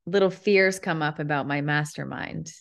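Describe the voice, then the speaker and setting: A woman's voice: deep voice, moderate pace, gravelly. A woman who teaches yoga and hosts a podcast, talking in an earnest, enthusiastic, rambling way in a casual conversation.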